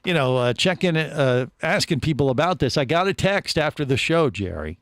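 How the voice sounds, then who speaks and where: A man's voice: fairly high pitch, moderate pace, dry recording. A man hosting a casual radio talk show from a studio, telling a long story with lots of restarts and asides. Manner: animated storyteller, many restarts.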